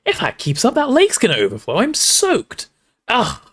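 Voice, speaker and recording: A man's voice: sits high, wildly swooping pitch, moderate pace, a bit bright, slightly rough, voice pushed up, full character voice. A man voicing a complaining, soaked teenage boy with a whiny tone. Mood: grumbling.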